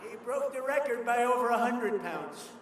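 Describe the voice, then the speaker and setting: Older male politician, boastful rambling rally talk, highish pitch, big echoey hall heard from afar. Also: lively intonation, normal speed. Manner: rambling, boastful storytelling with asides. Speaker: politician giving a speech. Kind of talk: rally speech. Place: large hall at a college. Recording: echoey hall, distant PA mic, noise.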